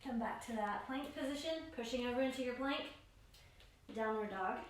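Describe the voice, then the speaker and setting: A woman yoga instructor giving steady spoken cues for each pose and breath in a guided class. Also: on the high side, normal speed, a little hiss or hum. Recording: very echoey room, voice far from mic.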